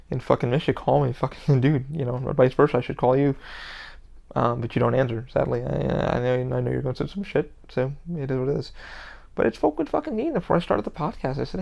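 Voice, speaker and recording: A young man holds forth on his own podcast with a gravelly, fry-laced voice. He rambles and curses freely, pushing his points with heat. His pitch sits right in the middle for a man. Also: darkish tone. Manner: heavy swearing, heated and rambling. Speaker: podcast host. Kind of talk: casual monologue.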